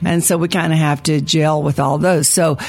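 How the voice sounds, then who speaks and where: An older woman, an educator, chatting and telling a story with animated quoted lines. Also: low voice, moderate pace. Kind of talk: conversational storytelling.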